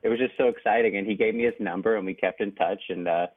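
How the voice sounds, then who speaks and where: A man's voice: lowish voice, fairly even intonation, fast talker. Young man on a tinny phone line. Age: young adult. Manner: eager, laughs often between anecdotes. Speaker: jazz pianist guest. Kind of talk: storytelling in a radio interview. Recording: narrow phone-line sound.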